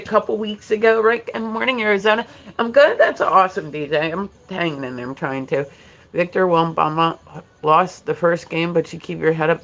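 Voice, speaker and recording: A woman's voice: lowish voice, poor audio. A woman chatting casually on her livestream, frank and talkative, swearing freely as she talks to her viewers.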